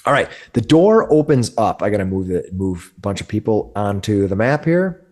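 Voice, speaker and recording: A man's voice: fairly low pitch, very animated, normal speed, a little mellow. A man narrating as game master of a tabletop game, often restarting and correcting himself mid-sentence. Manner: rambling, self-correcting narration.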